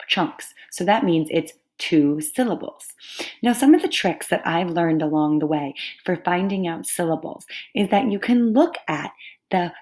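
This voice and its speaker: A woman teaching a recorded lesson to third graders, patient and clear, sounding out words carefully. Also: fairly low pitch, a little mellow.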